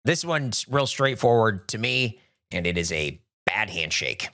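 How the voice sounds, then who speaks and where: A man's voice: on the low side, sing-song, measured pace, sharp tone, no room sound, studio quality. A man co-hosting a podcast, laid-back and amused, talking plainly in casual chat. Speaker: podcast co-host, pro wrestler.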